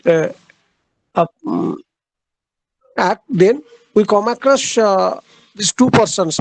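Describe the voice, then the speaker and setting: A man lecturing on literature in a high voice with a gravelly edge. He speaks haltingly, often repeating a phrase and filling pauses with "uh." The sound is dry, with no room echo. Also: darkish tone.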